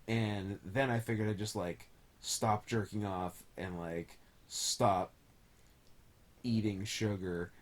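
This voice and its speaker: A man's voice: fairly low pitch, steady tone, slow. A man co-hosting a podcast, chatting casually with a joking, irreverent manner and frequent laughs. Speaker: podcast co-host. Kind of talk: casual chat.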